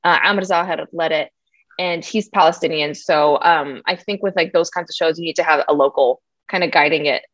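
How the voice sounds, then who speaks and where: A woman comedian chatting in an interview, telling animated stories with frequent fillers and laughs. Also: low-pitched, moderate pace, no echo. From United States. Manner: animated storyteller, laughs often, many ums and likes. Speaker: comedian guest. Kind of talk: casual interview chat. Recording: dry, dull lo-fi sound.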